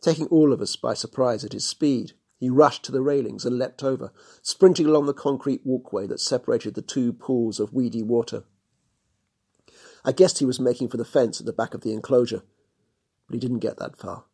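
A man narrating a storybook chapter in a steady, measured reading. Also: mid-range voice, breathy edge.

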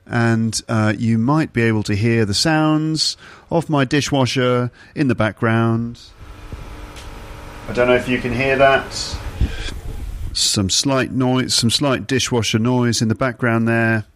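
A man's voice: mid-range voice, measured pace, no room sound. Chatty man podcasting from his kitchen. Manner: chatty, playful, self-commenting. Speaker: podcast host and English teacher. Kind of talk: casual rambling monologue. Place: kitchen area of a flat. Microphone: podcast microphone.

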